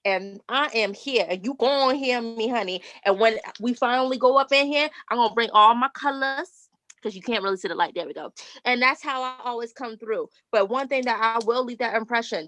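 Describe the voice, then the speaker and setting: Expressive woman panelist, dry sound. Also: on the high side, brisk, dry recording. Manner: expressive and playful, calls listeners honey. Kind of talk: panel discussion.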